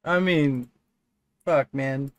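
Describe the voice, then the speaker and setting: A man's voice: medium pitch, drawn-out words, no echo. A man co-hosting a casual gaming session, reading a text adventure aloud with frequent laughter and casual swearing. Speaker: co-host playing a text adventure.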